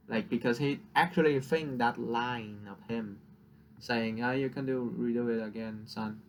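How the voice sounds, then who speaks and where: A man's voice: mid-range voice, a little hiss or hum. A young man whose first language is Vietnamese, venting in a casual, profane rant and laughing at his own jokes. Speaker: vlogger.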